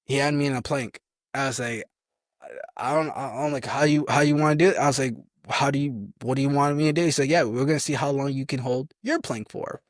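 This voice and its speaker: A man's voice: mid-range voice, steady tone, fast, no echo, clean studio sound. A young man in his twenties, an army soldier telling stories in a casual interview, rambling with restarts and acting out quotes.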